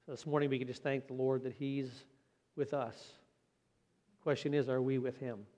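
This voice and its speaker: A man preaching a Sunday sermon in an earnest, plain-spoken way, slowing down for emphasis. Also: medium pitch, little pitch movement, dark tone. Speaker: pastor. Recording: long hall reverb.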